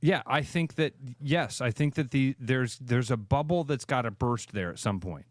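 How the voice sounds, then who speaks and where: A man's voice: mid-range voice, moderate pace, dry recording, clean studio sound. A man co-hosting a radio show, talking casually and emphatically, repeating phrases to drive a point home. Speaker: radio co-host, realtor. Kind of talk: casual sports radio chat.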